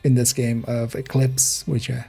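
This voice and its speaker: A man's voice: mid-range voice, monotone, unhurried, gravelly, dark tone, faint music behind. A man streaming a game, rambling casually as he plays, chuckling often and correcting himself mid-thought. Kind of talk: casual gameplay commentary.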